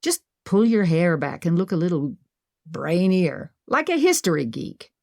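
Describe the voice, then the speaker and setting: A woman's voice: on the low side, very animated, measured pace, gravelly, a little mellow, no echo, clean studio sound, heavily acted. A woman narrator voicing a bold, pushy young woman who talks insistently. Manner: insistent, bossy.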